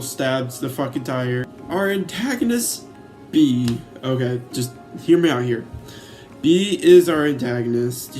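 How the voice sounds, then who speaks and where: A man talks in a loose, rambling way, full of ums and uhs and casual swearing as he recaps a favorite film. His voice sits at an ordinary middle pitch. Soft music plays faintly underneath. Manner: rambling, filler-heavy, swears freely. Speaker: YouTuber reviewing a movie.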